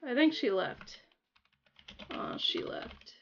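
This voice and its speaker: A young woman chatting casually to her viewers while playing a game on a livestream, giggly and excitable. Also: sits high, slow pace, muffled recording, slight background noise. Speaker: gaming livestreamer. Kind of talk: casual livestream chat over gameplay.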